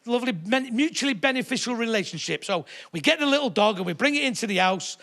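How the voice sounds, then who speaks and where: A middle-aged stand-up comedian with a very high, expressive voice and vocal fry talks fast through a brash, sweary routine. He tells stories to a live theatre audience, shouting out put-on voices along the way.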